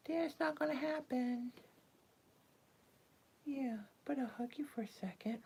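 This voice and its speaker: A woman's voice: fairly high pitch, vocal fry. A woman hosting live psychic readings who chats casually and coos baby talk to her cat, sometimes dropping to a whisper. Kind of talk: casual live-stream chat.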